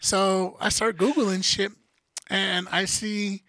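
A man's voice: sits high, level tone, slow, bright, forceful tone, slight background noise. A man hosting a podcast, telling a story in casual, profane chat and acting out the people in it. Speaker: podcast host.

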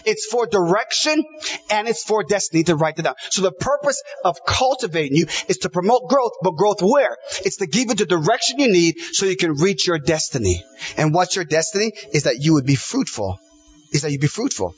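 Man, pastor, sermon, emphatic repetition, high voice, lo-fi sound. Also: sing-song, brisk, faint music behind. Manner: emphatic preaching with repeated lists and quoted scripture.

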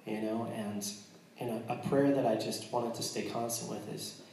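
An American man shares his testimony with a congregation, earnest but quick to joke, often restarting his sentences. He sounds set back from the mic, in a hall with heavy echo. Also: mid-range voice, fairly even intonation, darkish tone, recorded from a distance, slight background noise. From United States. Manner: earnest and joking, with frequent restarts. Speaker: missionary speaking to a church.

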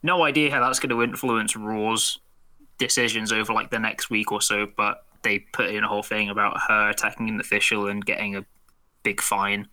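Guy co-hosting a podcast, really bright sharp voice, rambles on, laughs a lot. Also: on the low side, level tone, moderate pace. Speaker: podcast co-host. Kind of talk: casual podcast chat.

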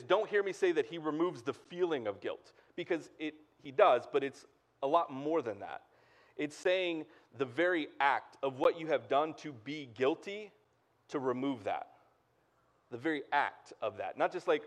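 A man preaching a sermon as pastor in a relaxed, conversational way, full of fillers and asides to the congregation. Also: mid-range voice. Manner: casual and chatty, lots of "like" and "right?".

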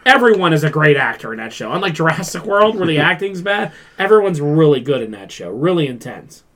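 Male podcast host, animated and profane, slightly high voice, acts out quotes. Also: a little fast. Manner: animated, acts out quoted lines, swears freely. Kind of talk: casual chat.

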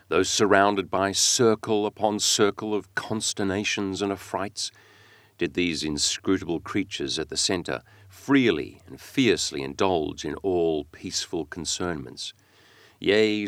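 A man narrating a classic novel in an expressive, dramatic reading that slows and speeds with the text. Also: low voice, no room sound. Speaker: audiobook reader.

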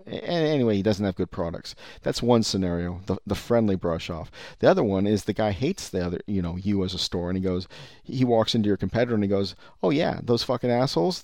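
A man with a fairly low voice rants in profane, rambling commentary. He keeps stopping and restarting his sentences. The sound is dry and close. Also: a little mellow, no room sound. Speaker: vape industry commentator. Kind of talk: ranting commentary.

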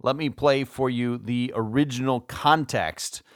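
A man hosting a podcast as a PR consultant, explaining politics in a measured way and posing rhetorical questions. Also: mid-range voice, dry recording, studio quality. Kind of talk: scripted podcast commentary.

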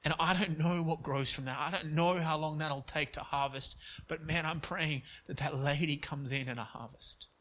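A man's voice: on the high side, steady tone, moderate pace, few pauses, a bit bright. A young man preaching, telling a story in an earnest way with frequent restarts. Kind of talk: sermon story.

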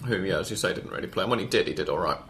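A man's voice: sits low, lively intonation, rapid-fire, gravelly, a bit bright, a little hiss or hum. A man hosting a casual football podcast, rambling and correcting himself as he reels off stats. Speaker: podcast host.

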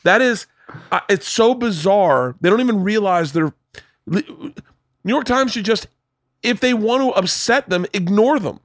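A man who is a comedian, a guest on a podcast, chatting casually in an excitable, rambling way with plenty of swearing. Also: high voice, a little slow, no echo, studio quality. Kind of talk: casual chat.

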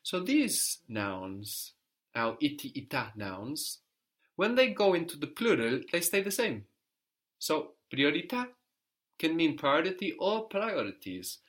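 A man's voice: a little high, very animated, slow, a bit bright. A man teaching a language lesson, patiently prompting a student and explaining grammar step by step.

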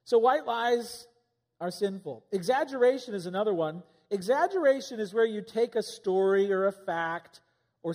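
A pastor delivers a sermon in a high male voice, talking to the congregation like a conversation and tossing out rhetorical questions. His voice carries a long reverb from a large hall. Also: darkish tone.

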